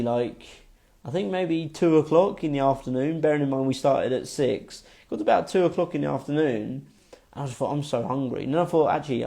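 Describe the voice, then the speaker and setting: Young guy, warm relaxed tone, casual rambling storyteller with lots of fillers. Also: medium pitch. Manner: rambling, full of fillers and swearing. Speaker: vlogger.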